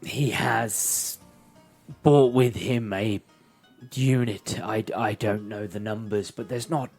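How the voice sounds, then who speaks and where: A man's voice: fairly low pitch, fairly even intonation, slow pace, a little mellow, slightly rough, soft background music. A man narrating a tabletop role-playing game as game master.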